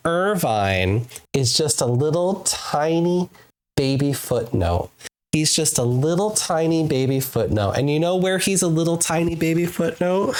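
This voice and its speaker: A playful woman streamer chats with her live viewers while she games. Her pitch swoops all over the place, she takes her time with every word, and she keeps giggling and repeating herself to tease the chat. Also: animated. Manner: playful, giggly, drawn-out teasing repetitions.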